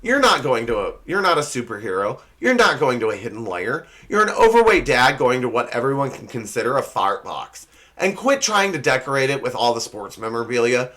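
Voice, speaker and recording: A man's voice: mid-range voice, big pitch swings, fairly quick, pushed and bright. A young man hosting a comedy show, delivering a sarcastic scripted roast monologue and laughing at his own slips.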